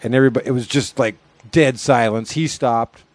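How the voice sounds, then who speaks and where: A man's voice: mid-range voice, a little fast, dry recording. A man, a festival security worker, chatting casually, rambling through stories and swearing freely. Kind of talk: casual chat.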